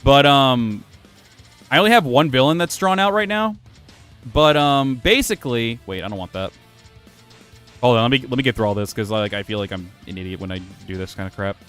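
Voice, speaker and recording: A man's voice: medium pitch, expressive, a little fast, fairly bright tone, smooth. A man casually commenting while he plays a video game, rambling, self-mocking and swearing freely. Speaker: gaming streamer. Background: faint music playing from his computer.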